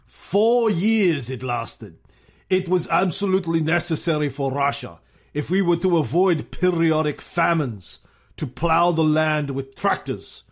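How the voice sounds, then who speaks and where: Brief: blunt old Soviet dictator, halting cadence, raised pitch, as a podcaster puts him on. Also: male voice, exaggerated voice. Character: gruff Soviet dictator, older man, blunt and pragmatic.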